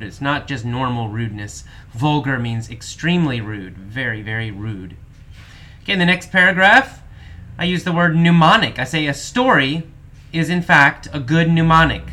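A man teaching English vocabulary, explaining each word slowly and repeating it in simple terms. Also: mid-range voice, bright, forceful tone, a little hiss or hum. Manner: slow, repetitive explaining. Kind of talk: vocabulary lesson.

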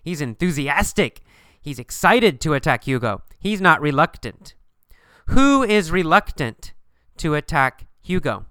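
A man's voice: a little high, sing-song, measured pace, sharp tone, smooth, no echo, clean studio sound. A man teaching a lesson, asking questions and answering them himself, over and over with emphasis. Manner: asks and answers his own questions, repetitive, emphatic. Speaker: English teacher.

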